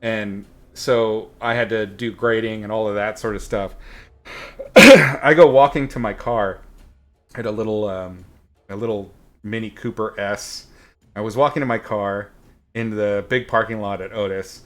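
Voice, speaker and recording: His voice sits lowish and keeps a measured pace as he paints on a live stream. The instructor wanders through a casual story, dropping many fillers and the occasional blunt curse.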